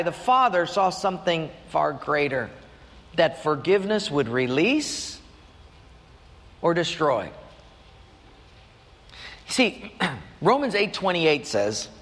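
Pastor, male, slightly raised pitch, earnest storyteller, long church reverb. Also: fairly bright tone. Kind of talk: sermon.

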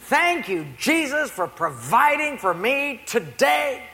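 Male preacher putting on a poor old woman, sing-song and thankful; bright, echoing hall. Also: very high-pitched, sing-song, slow, pitched above the performer's own voice, heavily acted. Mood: grateful. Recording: long hall reverb.

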